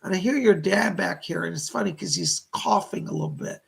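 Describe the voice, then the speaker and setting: A man's voice: high-pitched, brisk, vocal fry, fairly bright tone, husky. A man hosting live-streamed psychic readings, relaying messages from spirits and thanking viewers for their donations. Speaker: psychic medium host.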